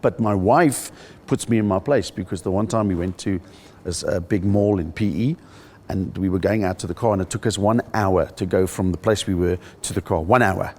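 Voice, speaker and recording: A middle-aged South African man, a stand-up comedian, telling stories in an interview and jumping into high voices for the punchlines. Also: normal speed, slight background noise. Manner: animated storyteller, jumps into high-pitched voices for jokes. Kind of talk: interview with comic anecdotes.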